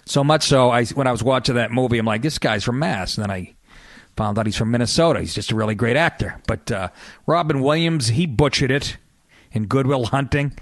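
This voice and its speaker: A man's voice: mid-range voice, brisk, no echo, clean studio sound. Profane wry Boston man. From Massachusetts. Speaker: podcast host, comedian. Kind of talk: casual comedic monologue.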